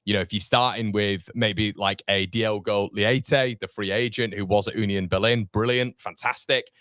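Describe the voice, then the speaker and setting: Hosting a fan channel watchalong stream, this man in his thirties reads out comments and rambles casually with plenty of fillers. His voice is on the low side and a bit bright, fairly even in intonation at normal speed, recorded clean in the studio with no room sound.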